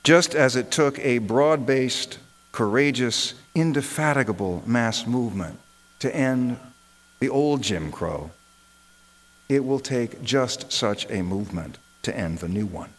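A man's voice: mid-range voice, expressive, a little slow, low-quality recording. Impassioned man preaching a sermon. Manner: impassioned, rhetorical repetition. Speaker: minister.

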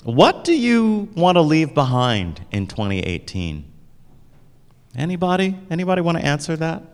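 A man's voice: a little high, very animated, moderate pace, smooth. A man leading a church service, playfully asking the congregation questions and answering their replies. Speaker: pastor. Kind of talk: sermon. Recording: reverberant hall.

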